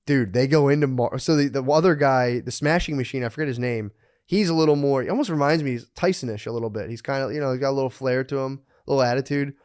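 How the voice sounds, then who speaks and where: A man in his thirties co-hosting a podcast, telling excitable, crude stories full of swearing. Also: mid-range voice, fast talker. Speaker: podcast co-host. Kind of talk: casual chat.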